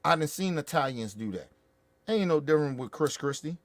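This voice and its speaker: A man's voice: a little high, animated, fairly quick, dry recording. A man hosting a show, ranting about politics in a heated, profane way with angry bursts. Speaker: show host.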